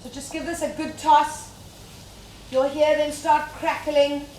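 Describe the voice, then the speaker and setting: A young woman from Zimbabwe cooks live for her viewers, chatting easily and greeting them by name. Her voice sits a little high. The sound is roomy, an echoey home kitchen with a faint hum of ambience behind her. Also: level tone, a little slow, darkish tone. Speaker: safari cook. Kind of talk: live-streamed cooking demonstration.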